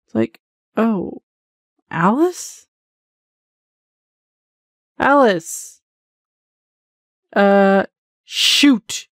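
A woman's voice: a little high, animated, extremely slow, long pauses, no room sound, clean studio sound. A woman giving live commentary on a horror game she is playing, chatty and self-mocking, with jumpy exclamations and a running stream of thoughts. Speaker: gaming channel host.

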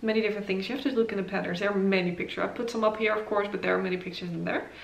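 A woman's voice: mid-range voice, fairly even intonation, racing, creaky, roomy sound. A woman hosting a casual knitting vlog, reviewing patterns in a chatty way with many ums and uhs, recorded on a camera mic. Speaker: knitting channel host.

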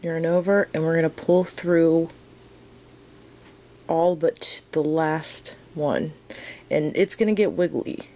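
A woman talks through a crochet lesson at an unhurried pace. Her voice has a gravelly, fry-tinged texture, and she counts her stitches softly under her breath between her friendly asides. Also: low-pitched, rough recording. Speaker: crochet instructor. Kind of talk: casual tutorial.

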